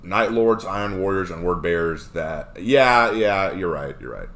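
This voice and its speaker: A man with a low-pitched voice streams live, taking his time as he reads chat questions and answers them. He rambles animatedly and uses lots of filler words.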